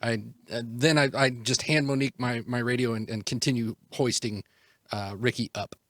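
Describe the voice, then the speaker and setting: A man's voice: medium pitch, fairly even intonation, moderate pace, a bit bright, dry recording. Player, man, dry close sound, casual rambling. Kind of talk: describing actions in a tabletop game.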